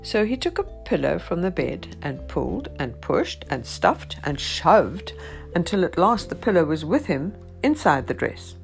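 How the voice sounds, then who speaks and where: A woman's voice: on the low side, very animated, measured pace, gravelly, soft background music. A woman reading a children's picture book aloud in a sing-song storybook rhythm.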